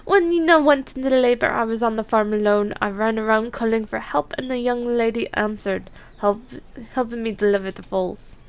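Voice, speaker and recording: A woman voicing a gentle young male horse farmer in a put-on Irish accent, reading game dialogue aloud as a storyteller. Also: on the high side, moderate pace, few pauses, clear, resonant tone, natural voice. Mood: storytelling. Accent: attempted Irish.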